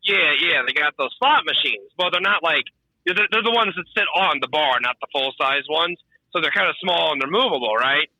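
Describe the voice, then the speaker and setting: A man's voice: a little high, lively intonation, brisk, sharp tone, no room sound, low-quality recording. A man in his twenties, a truck driver guest on a podcast, telling rambling stories in casual chat. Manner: storytelling, rambling with restarts.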